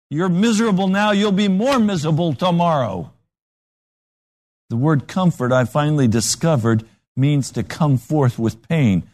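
Guy preaching a sermon, kinda high voice, really lively ups and downs, takes his time, acts out bits of his stories. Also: normal speed. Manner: animated storytelling with acted-out voices.

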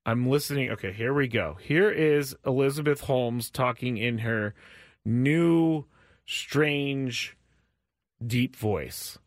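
A man hosting a sports talk show, chatting casually and rambling with frequent restarts and sudden jumps in pitch. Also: slow pace, no echo, studio quality. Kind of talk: casual chat.

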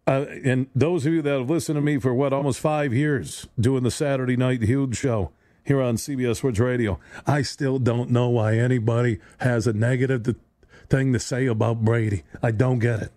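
A man's voice: medium pitch, steady tone, moderate pace, mellow, dry recording. A man hosting a sports radio show, talking in a rambling, sarcastic monologue with stumbling restarts, recorded on a studio microphone. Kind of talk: solo sports talk monologue.

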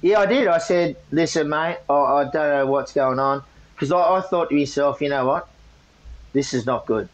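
An Australian man in casual chat, telling a story in an animated way, swearing and acting out voices. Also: a little high, normal speed, muffled recording. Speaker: co-host.

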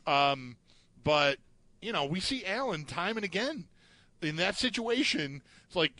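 A man's voice: high-pitched, expressive, measured pace, pushed and bright, dry recording. A man co-hosting a sports talk show, chatting casually, often restarting and trailing off as he acts out what players might say. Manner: hesitant, trailing off, acts out quotes. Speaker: sports podcast co-host.

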